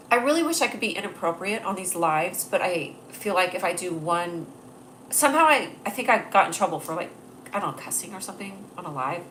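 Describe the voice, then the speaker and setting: A woman's voice: on the low side, a bit bright, slight background noise. Bubbly young woman rambling on a livestream. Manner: bubbly, rambling, laughs at own jokes. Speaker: livestream host. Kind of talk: casual livestream chat.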